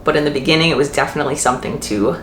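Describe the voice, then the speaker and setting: A young woman vlogs casually about motherhood, rambling and correcting herself as she goes. Her voice sits a little low for a woman. The sound carries the echo of a bare room with a faint hiss underneath. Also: racing. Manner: chatty, frequent fillers and self-corrections. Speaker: mom vlogger. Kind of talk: casual Q&A vlog.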